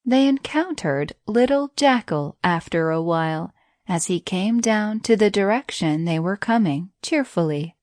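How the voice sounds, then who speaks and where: A woman narrating a bedtime story in a gentle, even reading voice. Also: medium pitch, unhurried, no room sound, clean studio sound.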